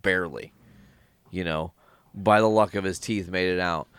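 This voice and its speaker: A man's voice: deep voice, moderate pace, clean tone, dry recording. Laid-back man in casual chat. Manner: animated, profane, acts out quotes. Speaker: podcast host.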